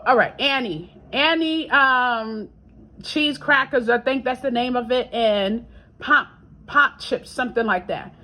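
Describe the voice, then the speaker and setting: A woman with a slightly high voice talks through her day as a faith vlogger. She repeats phrases and adds asides as she goes, her voice falls soft on quoted prayers and jumps up on exclamations. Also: poor audio. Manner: chatty and repetitive, with laughs and asides; swings between hushed prayer and raised exclamation. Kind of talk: casual testimony vlog.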